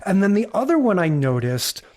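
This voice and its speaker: A man's voice: sits high, very animated, a little fast, darkish tone. Rambling male podcast co-host. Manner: rambling, musing, full of asides. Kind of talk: casual chat.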